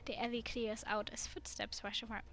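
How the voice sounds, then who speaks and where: Bright-voiced woman streamer reading aloud. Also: fairly high pitch, level tone, a little fast, faint music behind. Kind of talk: reading a dating game aloud.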